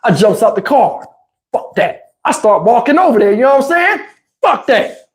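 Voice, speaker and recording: A man telling a profane road story on his channel, animated and cussing, acting out everyone involved. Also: extremely high pitch, moderate pace. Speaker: channel host.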